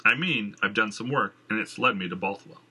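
Cast a blunt, serious man who probes with direct questions, husky and sharp, played by a man. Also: lowish voice, fairly quick, full character voice. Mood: probing. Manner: direct and probing. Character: blunt, serious man, former theater hand.

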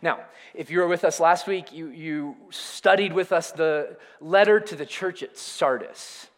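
A man preaching a sermon to his congregation, animated, calling on them to repeat words with him. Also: a little high, unhurried. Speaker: pastor. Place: church sanctuary. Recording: reverberant hall.

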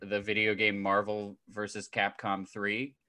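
A man co-hosting a movie podcast in casual, animated chat, laughing often and slipping into silly voices. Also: fairly low pitch, measured pace. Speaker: podcast co-host.

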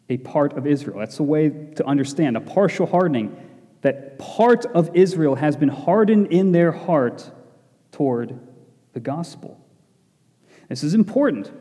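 Warm-voiced preacher in an echoey hall. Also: male voice, a little high. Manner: emphatic, repeats key phrases, asks rhetorical "right?". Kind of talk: expository Bible sermon. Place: church hall with congregation. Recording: long echoey hall reverb.

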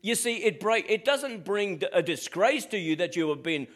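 Animated pastor preaching. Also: male voice, sits high, normal speed. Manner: animated preaching with rhetorical questions to the congregation. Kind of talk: sermon.

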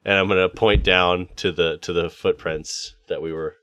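A man's voice: low voice, steady tone, moderate pace, a bit bright, smooth, no echo. A man playing a tabletop game, talking in a rambling way and laughing often. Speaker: player.

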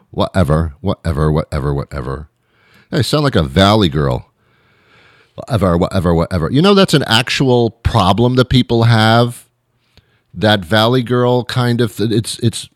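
A man's voice: lowish voice, no echo, clean studio sound. A man telling a comic story as a show host, rambling and self-mocking, with frequent restarts.

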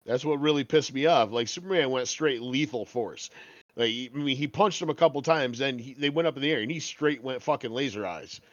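A man's voice: medium pitch, a little fast, dry recording. A man co-hosting a casual podcast, making indignant, argumentative points and swearing freely. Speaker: podcast co-host. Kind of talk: casual profane chat. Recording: dull lo-fi sound, dry.

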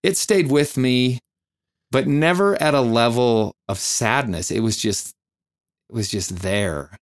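A man, a firefighter and flight nurse, telling candid stories in an interview, reflective and halting with many fillers. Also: mid-range voice, dry recording, clean studio sound.

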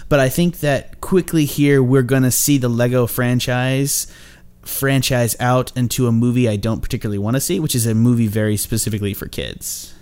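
A man's voice: mid-range voice, a little mellow, smooth. A man hosting a casual movie-review podcast, rambling with a lot of laughter and swearing. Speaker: podcast host.

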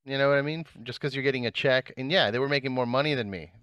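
Man from New Jersey, casual podcast talker, animated and laughing, dry mic. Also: medium pitch, racing, clear, resonant tone, dry recording. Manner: animated, laughs often, swears. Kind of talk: casual chat.

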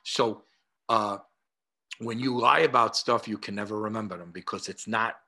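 A man in his sixties with a New York accent, a guest telling stories over a video call, animated and acting out dialogue between many "uh" fillers. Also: fairly low pitch, moderate pace. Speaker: guest, martial arts historian. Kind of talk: conversational storytelling.

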